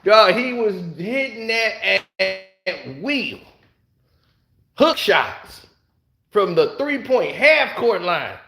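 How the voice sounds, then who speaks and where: A man casually telling stories to camera, animated, laughing often and acting out other people's lines. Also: high-pitched, slow pace, gravelly, pauses often. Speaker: host. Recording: roomy echo.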